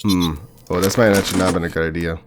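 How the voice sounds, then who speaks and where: A young man talking through a horror game as he plays, thinking aloud and reacting with quick exclamations. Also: low-pitched, steady tone, background noise. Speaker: gaming channel host. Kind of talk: let's play commentary.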